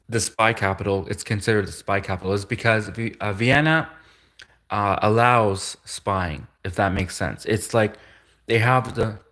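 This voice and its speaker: Man, livestream host, lower voice; loose rambling monologue with frequent chuckles and restarts. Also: fairly bright tone. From Canada. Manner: chuckles often, stumbles and restarts.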